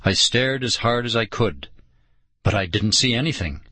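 A man narrating an audiobook in a slow, dramatic storytelling manner. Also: on the low side, expressive, a bit bright, breathy edge, no echo.

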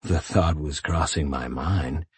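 A man voicing a wounded young man with dry humor, speaking in a hushed voice. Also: rumbling low, takes it slowly, slightly rough, no room sound, full character voice. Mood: wry.

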